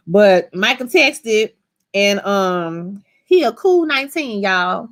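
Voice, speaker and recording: A woman casually recapping a TV episode. She talks in an animated, chatty way and swears freely. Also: medium pitch, normal speed. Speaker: TV episode reviewer.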